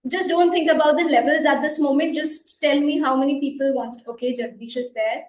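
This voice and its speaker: A meeting facilitator with a high voice leads a group exercise at a club meeting, her delivery encouraging and deliberate. Her intonation stays fairly even. She's recorded from a distance in an echoey meeting room, with a faint hiss or hum.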